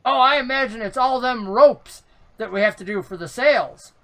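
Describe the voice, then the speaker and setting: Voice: medium pitch, normal speed, sharp tone, pitched above the performer's own voice. A game master voicing a small, cocky male halfling ship crewman who fancies himself a ladies' man, in a folksy drawl. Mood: evasive. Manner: folksy, boastful, drawls "ain't ya".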